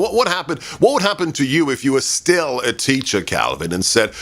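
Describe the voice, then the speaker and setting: A man who grew up in West London, now hosting a political talk show, asking emphatic and animated questions. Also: medium pitch, a little fast, few pauses. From West London, England. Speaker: radio talk-show host.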